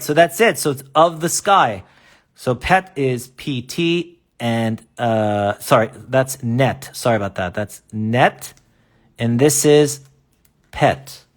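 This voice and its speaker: Man teaching a live online lesson. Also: medium pitch. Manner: explains step by step with many rhetorical questions and fillers. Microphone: laptop or phone mic in a live stream.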